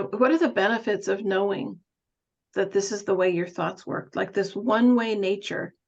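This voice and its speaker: A woman's voice: mid-range voice, vocal fry, highs cut off. A woman nurse coach giving a thoughtful, musing talk on coaching, with an occasional light laugh.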